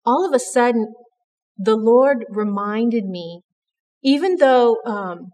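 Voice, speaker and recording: A woman's voice: a little high, slow, dark tone, long reverb tail. A woman giving an earnest, conversational devotional talk at church, with frequent restarts. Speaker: church speaker.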